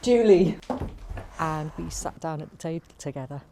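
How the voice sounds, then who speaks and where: A woman giving a wry, dry stage monologue at an unhurried pace. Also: low voice, little pitch movement, vocal fry, a little hiss or hum. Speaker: actor.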